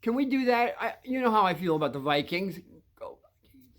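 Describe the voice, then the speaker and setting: A man in his sixties hosts a show for kids, telling meandering anecdotes, often restarting sentences and chuckling between thoughts. His voice is high and fairly bright, slightly fast, with lively intonation.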